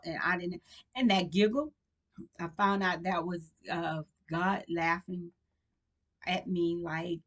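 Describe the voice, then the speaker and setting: Rambling woman vlogger, lowish voice. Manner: rambling, with many fillers and restarts; informal, colloquial speech. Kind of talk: casual storytelling to camera.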